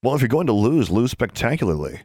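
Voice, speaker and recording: A man's voice: medium pitch, very animated, fast, a little mellow, husky, no echo, clean studio sound, voice pushed up. A man voicing a wry, teasing teenage boy wizard.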